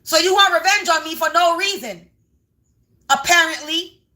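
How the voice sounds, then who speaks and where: Bright high-voiced woman livestreaming. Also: moderate pace. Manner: emphatic, repetitive, talks straight to viewers. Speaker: spiritual reader livestreaming. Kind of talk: casual livestream card reading. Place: home.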